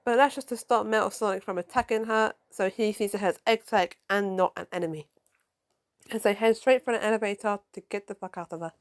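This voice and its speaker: A woman casually reviewing a comic book, excitable and prone to swearing, who stumbles and corrects herself while reading lines aloud. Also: medium pitch, brisk.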